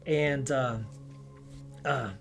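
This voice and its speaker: Man haltingly telling a personal story. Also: mid-range voice, steady tone, soft background music. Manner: halting, with many restarts and quoted dialogue. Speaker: storyteller recounting a personal experience.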